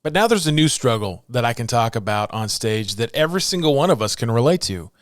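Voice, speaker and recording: A man's voice: mid-range voice, very animated, fairly quick, no room sound, studio quality. A motivational speaker, a man, talking in an earnest way with light jokes.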